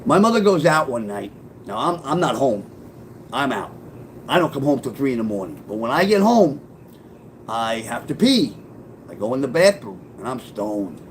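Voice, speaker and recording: Man, middle-aged, profane storyteller, lively up-and-down voice, acts out quotes, faint background rumble. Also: normal speed, rough recording. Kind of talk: casual spoken memoir storytelling.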